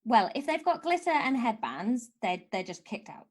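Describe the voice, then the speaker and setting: Sardonic woman with a lively high voice. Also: moderate pace. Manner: sardonic, mock-grumpy ranting; laughs between lines. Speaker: comedian guest. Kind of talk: casual podcast chat.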